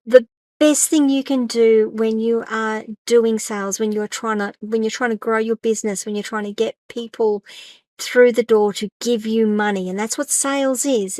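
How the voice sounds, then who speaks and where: A woman's voice: a little high, a little mellow, no room sound. A middle-aged woman hosting a casual solo business podcast, chatty and rambling, with a self-deprecating touch. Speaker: podcast host.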